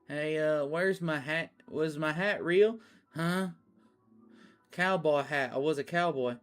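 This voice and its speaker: A woman reading aloud as a bewildered young cowboy who asks halting, puzzled questions. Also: deep voice, faint music behind.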